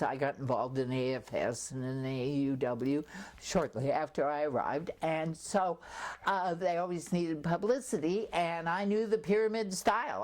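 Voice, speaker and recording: An older woman with a notably low voice recounts her past in an oral history interview. She tells it as a chatty storyteller, full of lively asides. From California, USA.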